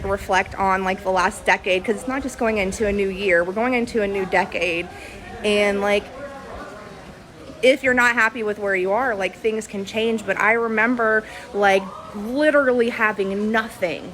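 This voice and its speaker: A woman in her thirties, talking earnestly and haltingly with many pauses and fillers, close to tears. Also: medium pitch, a bit bright, low-quality recording. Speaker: vlogger. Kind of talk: casual reflective video to friends.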